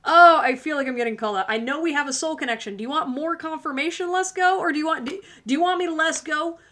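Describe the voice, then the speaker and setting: A woman's voice: high-pitched, fast, sharp tone. A woman hosting a tarot livestream, talking casually and sassily to her viewers and laughing often. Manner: sassy, laughs often, talks straight to viewers. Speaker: tarot reader and livestream host.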